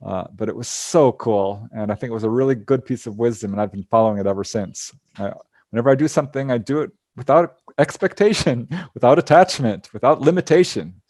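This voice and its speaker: A man's voice: medium pitch, brisk, a little mellow, no room sound, studio quality. A man telling stories of his out-of-body experiences to a group over a video call, earnest and laughing often. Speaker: guest speaker. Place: home.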